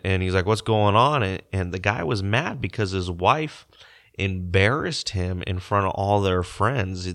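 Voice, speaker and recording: A young man with a very deep voice tells a story to his listeners in a casual, halting way. He fills his speech with ums and repeats himself as he goes. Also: a bit bright. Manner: halting, many fillers and restarts. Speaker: podcaster.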